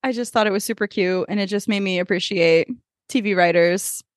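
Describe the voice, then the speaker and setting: In a clean, dry studio recording, a woman co-hosting a podcast trades casual chat and lively stories punctuated by frequent laughter. Her pitch is medium and her pace fairly quick.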